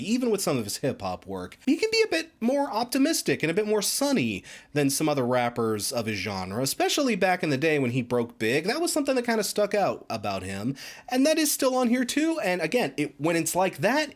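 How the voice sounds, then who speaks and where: Guy ranting about a record, chatty, voice jumps up and down a lot. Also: high voice. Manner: animated, chatty, emphatic asides. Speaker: music reviewer. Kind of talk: casual album review.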